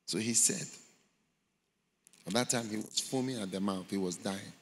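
A man's voice: on the low side, moderate pace, slight background noise. A man preaching a sermon, telling a story dramatically and acting out the voices in it. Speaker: pastor. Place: large church hall. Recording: long hall reverb in a large church.

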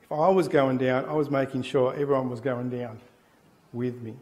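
A middle-aged man, a pastor preaching a sermon and telling an anecdote with animated storytelling. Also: medium pitch, moderate pace. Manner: animated storytelling, acting out the people in his anecdote. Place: church.

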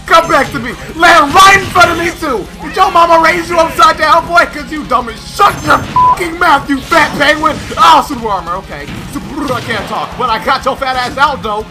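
A young man giving excitable gameplay commentary, loud and trash-talking, often shouting and laughing. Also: extremely high pitch, normal speed, hardly any pauses, over loud music. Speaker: gaming commentator.

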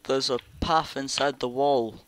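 A young man doing excitable, casual commentary over a game he plays. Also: medium pitch, a little slow, noisy background. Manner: excitable, yelps and laughs at the game. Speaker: gaming YouTuber.

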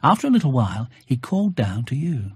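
An audiobook reader narrating a children's storybook aloud, gently, with hushed asides. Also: mid-range voice, big pitch swings, fast, breathy edge, no echo, clean studio sound.

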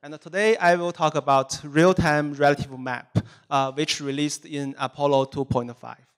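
A man speaking in a smooth, clear, somewhat high voice. He is a software engineer giving a technical presentation at a meetup, and he walks through each point in a steady, methodical way. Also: normal speed.

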